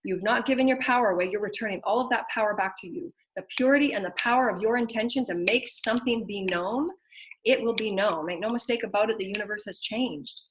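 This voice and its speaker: Woman doing a spiritual pep talk, earnest, keeps repeating herself, mid pitch. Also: fast, noisy background. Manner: earnest and urging, with repeated phrases and soft laughs. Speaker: spiritual teacher and show host. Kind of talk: spiritual guidance monologue.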